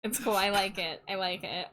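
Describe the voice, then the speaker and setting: A woman's voice: mid-range voice, normal speed, bright, forceful tone. A woman streamer chatting casually while she draws, laughing often between remarks. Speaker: streamer drawing live.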